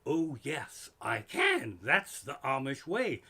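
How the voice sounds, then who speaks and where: A man's voice: medium pitch, wildly swooping pitch, slow pace, pushed and bright, breathy edge. A middle-aged man, a stand-up comedian, doing an exasperated, profane comedy rant live from his living room. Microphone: microphone in front of him.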